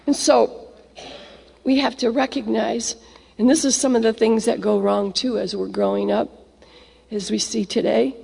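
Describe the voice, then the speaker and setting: High, gravelly woman preaching in a hall. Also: fairly even intonation, moderate pace, long pauses, mellow. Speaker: speaker. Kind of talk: sermon. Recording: long hall reverb.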